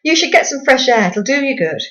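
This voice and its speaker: A woman's voice: high voice, very animated, brisk, a bit bright, lo-fi sound, voice pushed up. A woman voicing a terse, irritable middle-aged father who speaks curtly and stiffly.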